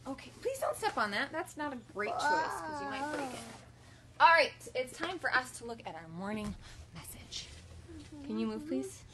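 A young woman teaching an online kindergarten lesson at home, patient and instructive, slowly modeling phrases for children to repeat. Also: sits high, very animated, noisy background. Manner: patient, instructive, frequent gentle redirections; slow, sing-song modeling of phrases for repetition. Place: home, filmed for online class.

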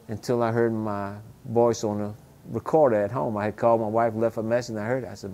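A man's voice: fairly low pitch, fast talker, a little mellow. A man telling a wry story in an interview. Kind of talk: anecdote.

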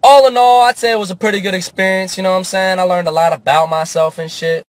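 Young male comedian, raised pitch, dry close sound, profane comic storytelling. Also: quick pace, dry recording. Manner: animated, profane, swings into character voices.

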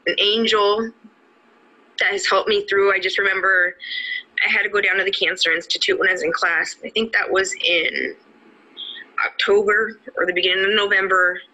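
Her voice is mid-range, pushed, and bright, captured in poor audio with music underneath. A middle-aged adult student being honored for an award tells her personal story earnestly and warmly, often saying "you know".

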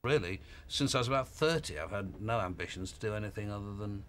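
A man's voice: on the low side, expressive, fast, fairly bright tone. A man in his fifties, a radio DJ, talking in a wry, self-deprecating and rambling way in an archive interview. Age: 50s.

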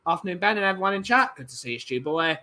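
A man's voice: sits high, very animated, fast talker, bright, forceful tone, low-quality recording. A tired man, hosting a casual livestream and chatting as he reads out viewers' greetings. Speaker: livestream host.

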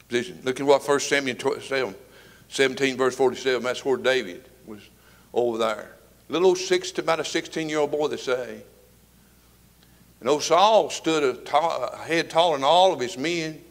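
A man, preaching a fervent sermon to his congregation, swinging between loud and soft. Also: medium pitch, normal speed. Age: 70s. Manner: fervent preaching with rising and falling volume. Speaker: pastor. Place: church sanctuary with congregation.

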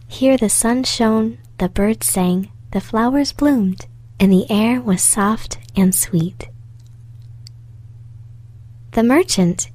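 A woman reading a fairy tale aloud in a very soft, partly whispered storytelling voice. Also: mid-range voice, husky.

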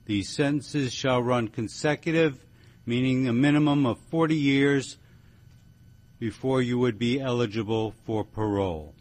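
A man's voice: medium pitch, darkish tone. A man serving as judge, formally reading out a sentence in court. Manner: measured, formal.

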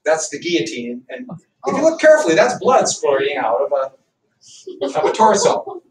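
A man teaching a history class, loud and animated, cracking jokes in a classroom. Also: fairly high pitch, normal speed, a little hiss or hum. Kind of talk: classroom lecture. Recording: echoey classroom from far off.

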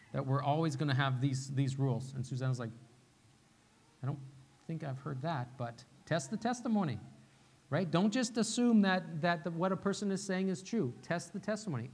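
A male pastor with a fairly high voice delivers a sermon in a relaxed, conversational style. He repeats his key phrases and keeps asking his listeners "right?" as he goes. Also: brisk. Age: young adult to middle-aged, father of a little one. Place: church sanctuary.

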